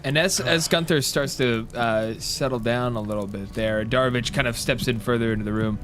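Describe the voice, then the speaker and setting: A man narrating as game master of a tabletop game, in a relaxed way full of fillers. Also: medium pitch, brisk, music in the background.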